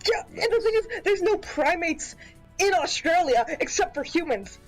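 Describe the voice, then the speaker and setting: A woman's voice: very high voice, expressive, normal speed, soft background music, poor audio. A woman chatting on a casual stream as a guest, playful and rambling, often giggling.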